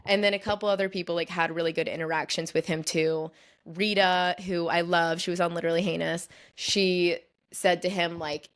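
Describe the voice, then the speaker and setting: A woman's voice: on the low side, little pitch movement, fairly quick. A young woman hosting a podcast, telling a long story in a chatty way and filling her sentences with "like". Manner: chatty, fills nearly every phrase with "like". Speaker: podcast host. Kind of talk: casual storytelling monologue.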